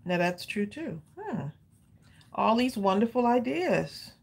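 A woman, hosting a live craft stream and chatting with viewers in a lively, laughing way. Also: medium pitch, slow pace, gravelly, slightly rough. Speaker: craft channel host.

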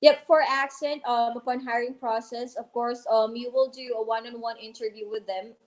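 A woman's voice: fairly high pitch, fairly even intonation, normal speed, low-quality recording. A woman who manages a team of virtual assistants, explaining procedures in a hesitant, step-by-step way with frequent fillers. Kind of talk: casual podcast interview.

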